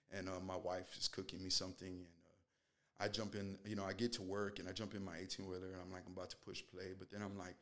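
A man telling his faith testimony in casual talk, earnest and rambling, with constant "you know" fillers and acted-out quotes. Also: sits low. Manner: acts out quoted dialogue. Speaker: guest sharing a faith testimony.

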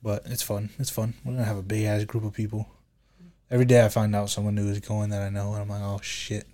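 A man's voice: fairly low pitch, monotone, fast, warm tone. A young man hosting a podcast, telling stories in laid-back, casual chat full of swearing. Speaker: podcast host.

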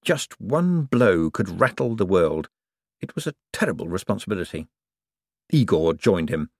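Man, audiobook narration, expressive pitch, dry close sound. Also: normal speed, no room sound. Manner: expressive, wry storytelling. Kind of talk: scripted narration.

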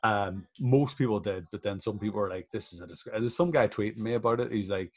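A man's voice: on the low side, fairly quick. A man chatting casually on a podcast about wrestling shows, laughing often and swearing freely. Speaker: professional wrestler guest.

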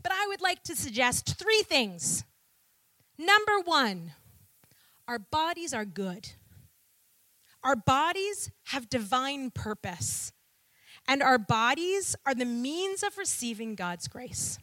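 Woman preaching a sermon, lively and animated, high bright voice, slow steady delivery. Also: dry recording. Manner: lively preaching, rhetorical questions and call-and-response.

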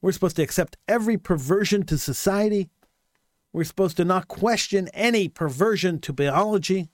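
A man's voice: sits high, normal speed, dry recording, studio quality. A man delivering an impassioned monologue commentary, hammering points home with repeated rhetorical questions.

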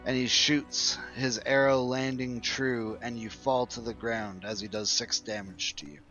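A man's voice: mid-range voice, fairly even intonation, unhurried, sharp tone, soft background music. A man as game master, patiently explaining rules and narrating a tabletop game. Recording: dull lo-fi audio.

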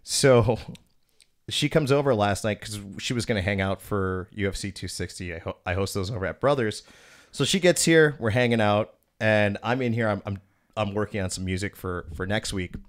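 A young man with a lowish voice tells stories in a casual chat, cursing freely. He acts out both sides of his conversations. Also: moderate pace. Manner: profane, animated storyteller. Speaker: podcast host.

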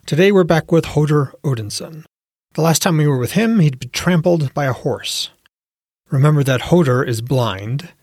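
A man narrates his own fantasy novel chapter by chapter in a measured, even storytelling tone. His mid-pitched voice is husky, and the sound is dry and close with no room echo. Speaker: author and podcast reader. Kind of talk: audiobook narration with commentary.

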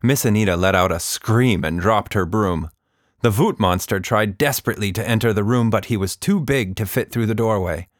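A man narrating a children's story in a calm, expressive way. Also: on the low side, normal speed, dry recording, studio quality.

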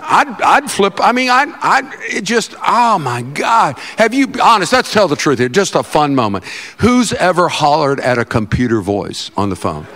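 A male pastor preaching a sermon in a church, joking with the congregation and breaking into loud, animated outbursts. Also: on the high side, normal speed. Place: church sanctuary.

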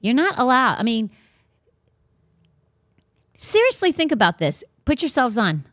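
A woman's voice: fairly high pitch, very animated, a little slow, fairly bright tone, no room sound. Emphatic woman host, casual faith talk, dry close sound. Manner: blunt, emphatic, preachy. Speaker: podcast host.

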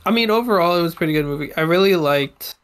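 A man's voice: fairly high pitch, lively intonation, fast talker, a bit bright, clear, resonant tone. A young man co-hosting a podcast, chatting in a laid-back, joking way about a movie. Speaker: podcast co-host. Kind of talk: casual movie review chat.

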